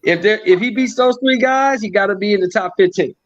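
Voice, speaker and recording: A man with a high voice co-hosts a casual boxing talk stream, pressing his case with slang and repeating himself for emphasis. His audio sounds a little muffled and lo-fi. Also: fairly quick, no room sound. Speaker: co-host. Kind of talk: casual live boxing commentary chat.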